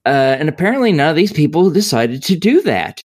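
A woman's voice: low voice, sing-song, a little fast, a little mellow, husky. Profane, rambling woman podcaster. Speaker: podcast co-host reviewing video games. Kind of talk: casual chat.

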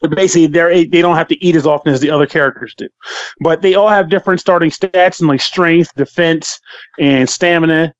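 A man's voice: a little high, a little fast, dry recording, highs cut off. A man giving casual commentary on a video game, joking and talking straight to the viewer. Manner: jokey, talks straight to the viewer. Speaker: game reviewer.

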